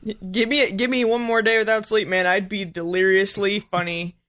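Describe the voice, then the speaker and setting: A woman co-hosting a casual podcast with a dry, deadpan manner. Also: medium pitch, moderate pace, dry recording. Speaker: podcast co-host. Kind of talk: casual chat.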